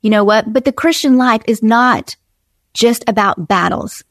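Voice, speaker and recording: A woman's voice: fairly high pitch, unhurried, dry recording, clean studio sound. A woman preaching an earnest devotional sermon, repeating phrases and acting out inner dialogue as she exhorts her listeners.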